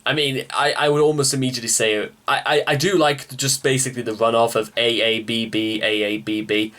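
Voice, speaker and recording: Male reaction host, mid pitch, halting and self-correcting, speaks to the audience as ladies and gentlemen. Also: level tone. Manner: halting, many restarts, searching for words; addresses viewers as ladies and gentlemen. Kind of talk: music reaction commentary.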